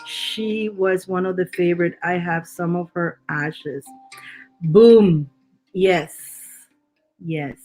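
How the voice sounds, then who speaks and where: A woman's voice: fairly low pitch, takes it slowly, long pauses, a little mellow, soft background music, rough recording. A woman giving a live tarot reading, chatty with her viewers and laughing often, her voice worn from laughing. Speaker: tarot reader.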